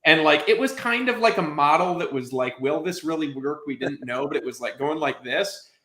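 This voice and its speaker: A man hosting a casual interview, who talks excitedly and laughs while recalling shared history. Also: fairly high pitch, roomy sound. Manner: excited, fast, laughing asides. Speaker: host.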